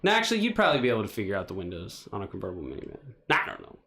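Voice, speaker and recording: A man co-hosting a casual chat, playful and teasing, swinging between loud and mumbled. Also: lowish voice, huge pitch swings, rapid-fire, creaky, echoey room, a little hiss or hum. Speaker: podcast co-host.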